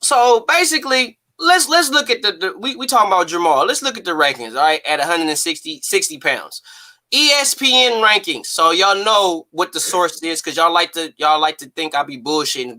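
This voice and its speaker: Brief: woman host, bright tense tone, methodical list reader. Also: lowish voice, animated, fairly quick. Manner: methodical, reads out lists. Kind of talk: casual chat.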